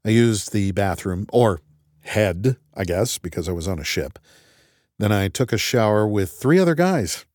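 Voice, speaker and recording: A man's voice: fairly low pitch, animated, normal speed, darkish tone, dry recording, studio quality. A man narrating an audiobook in the first person with a wry, conversational manner.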